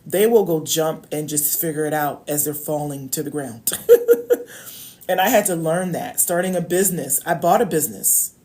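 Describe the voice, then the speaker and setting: A woman's voice: low voice, fairly quick, few pauses, a little mellow. A woman coach giving casual advice straight to her viewers, chatty and repeating key phrases, often checking in with "okay?". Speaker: love coach. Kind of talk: casual direct-to-camera advice talk.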